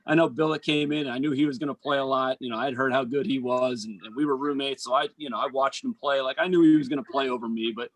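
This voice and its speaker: A man, a basketball coach and former college player, telling stories in an animated, casual chat. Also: mid-range voice, no echo, poor audio. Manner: animated storyteller, quick asides and restarts.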